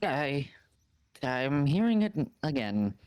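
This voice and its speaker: A man's voice: medium pitch, sing-song, slow, darkish tone. A man, a player in a tabletop game, speaking in character in a hesitant, polite way. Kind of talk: tabletop role-play in character.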